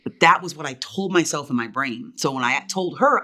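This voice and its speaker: A woman's voice: deep voice, animated, a little fast, sharp tone. A woman around forty, a business owner, telling her story as a guest in a podcast interview and acting out the voices of people she quotes.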